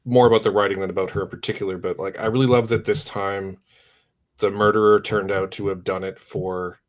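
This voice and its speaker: Low-voiced chatty male panelist. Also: flat delivery, fairly quick. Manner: chatty, leans on "like", trails off softly. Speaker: podcast panelist. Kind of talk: casual film discussion.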